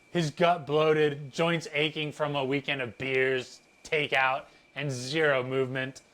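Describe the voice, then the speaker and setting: A man's voice: fairly high pitch, a bit bright. A man, a fitness content creator, reading a story aloud with playful, chatty asides. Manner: playful, chatty, laughing at his own reading.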